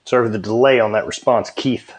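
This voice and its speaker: A man's voice: lowish voice, fast talker. A man from southwest Louisiana hosting a podcast, chatting casually and swearing freely. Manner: relaxed, swears a lot. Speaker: podcast host. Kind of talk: casual chat.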